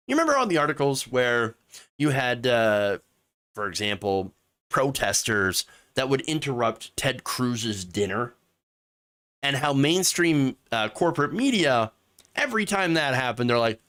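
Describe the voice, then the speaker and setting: Lively, bright-voiced sarcastic male commentator. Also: medium pitch, a little slow. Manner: mocking, with exaggerated mimicking voices. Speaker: political commentary host.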